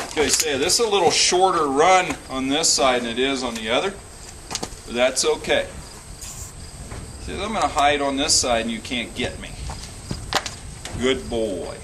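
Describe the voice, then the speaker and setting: A man working as a horse trainer, explaining each step calmly and soothing the animal with repeated praise as he works in an outdoor pen. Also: medium pitch, recorded from a distance. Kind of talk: instructional commentary while working. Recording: outdoors with loud insect noise.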